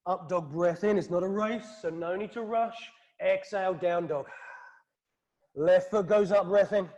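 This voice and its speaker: A British man with a high voice leads a flowing yoga class. He calls out poses in time with the breath, calm and steady, in a studio. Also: a little slow, dull audio. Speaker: yoga instructor. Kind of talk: guided yoga class cues.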